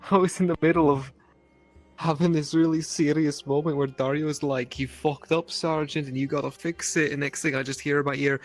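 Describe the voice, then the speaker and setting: A man with a slightly raised voice, talking casually and with animation, laughing now and then as he recounts a moment from the roleplay. Quiet music plays in the background. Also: fairly high pitch, a little slow. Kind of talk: casual chat between scenes.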